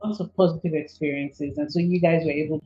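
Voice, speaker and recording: Low-voiced woman guest, lo-fi audio. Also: steady tone, dark tone. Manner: measured, explanatory. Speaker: podcast guest. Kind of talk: conversational podcast interview. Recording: dull lo-fi audio with faint music.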